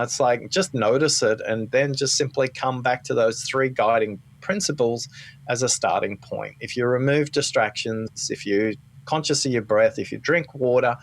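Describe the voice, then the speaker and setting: Man, podcast guest, remote call-in, animated storyteller, medium pitch, acts out quotes. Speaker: podcast guest, listening expert. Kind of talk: conversational storytelling interview.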